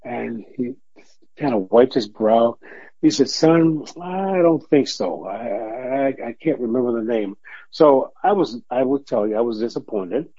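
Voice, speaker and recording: An older man from Detroit, USA, a former police officer, tells stories as an interview guest, animatedly acting out the voices he quotes and laughing often. His voice is medium-pitched, husky, and a little slow, captured on a dull lo-fi recording with no echo.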